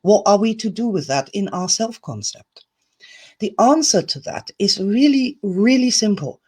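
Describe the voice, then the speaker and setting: A woman's voice: mid-range voice, expressive, a little slow, darkish tone, breathy edge. A woman teaching a self-help lesson in a chatty, playful, emphatic way. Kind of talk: recorded video lesson.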